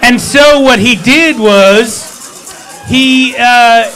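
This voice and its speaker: A man's voice: very high-pitched, drawn-out words, a bit bright, faint music behind, low-quality recording. A man leading a congregation, retelling a scripture story in a playful, joking way full of wry asides. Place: synagogue hall.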